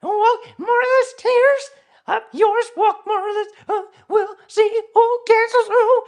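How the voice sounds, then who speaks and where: Mock-weepy widow voice, shrill falsetto, put on by a male streamer. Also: fairly even intonation, a little slow. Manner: shrill whiny fake crying. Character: mocking falsetto impression of a widowed woman activist.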